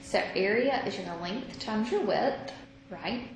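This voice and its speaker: A woman teaching a math lesson, slow and patient, thinking out loud as she works through examples. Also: mid-range voice, expressive. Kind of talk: recorded classroom lesson. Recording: echoey room with noise.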